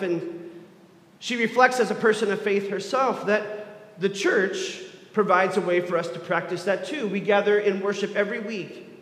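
A man's voice: high voice, moderate pace, a bit bright. A man preaching a sermon as a pastor, earnest and building to emphatic repetition. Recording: echoey hall.

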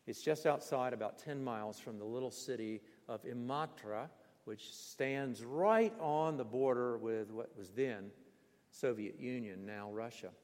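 Older guy preaching, animated storyteller, voice ringing around a big church hall. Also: medium pitch, a little slow. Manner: vivid, animated storyteller with bursts of emphasis and laughter. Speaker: pastor. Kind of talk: sermon with personal storytelling. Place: church sanctuary. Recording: long hall reverb.

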